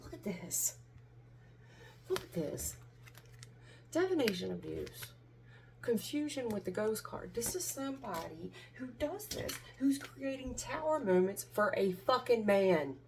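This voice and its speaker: A woman's voice: a little high, sing-song, measured pace, gravelly, recorded from a distance. A woman tarot reader talks in a blunt, preachy way, scolding her listeners and swearing freely. Her voice comes from a little away from the mic, with faint noise behind it. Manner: angry, confrontational, preachy, swearing. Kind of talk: tarot reading vlog.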